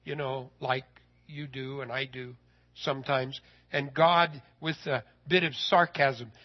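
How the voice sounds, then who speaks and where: A man telling a personal story in a sermon, folksy and animated, his voice rising when he gets excited. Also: mid-range voice, muffled recording.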